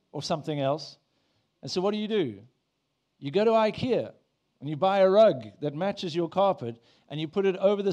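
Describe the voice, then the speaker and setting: A man's voice: fairly high pitch, darkish tone. A man, a pastor, preaching a sermon in a church in a conversational way, asking the congregation questions.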